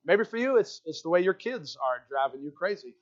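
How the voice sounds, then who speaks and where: A pastor with a high voice delivers a sermon at a brisk clip, animatedly telling personal stories and acting out the voices of the people in them. The recording sounds dull and muffled.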